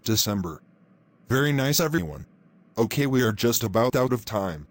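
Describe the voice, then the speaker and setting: A man teaching English in a calm, encouraging scripted voice-over. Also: mid-range voice, normal speed.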